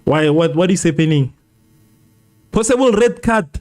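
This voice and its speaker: A South African man hosting a live football watchalong, reading viewers' comments and reacting excitedly, often repeating phrases. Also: a little high, normal speed. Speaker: livestream host.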